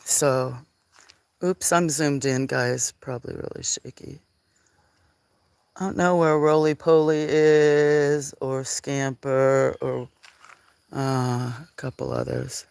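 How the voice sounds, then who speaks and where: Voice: medium pitch, little pitch movement, slow, creaky, a little mellow, smooth. A livestream host on a farm, chatting casually to viewers over a handheld phone while cooing at the cats and apologizing now and then. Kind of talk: casual live-stream chat. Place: farm, among the cats at feeding time.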